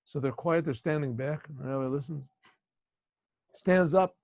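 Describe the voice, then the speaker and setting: Gravelly rabbi telling a story. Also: male voice, fairly high pitch, normal speed, darkish tone, dry recording, clean studio sound. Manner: clears throat often, casual retelling. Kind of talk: storytelling lesson. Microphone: video call.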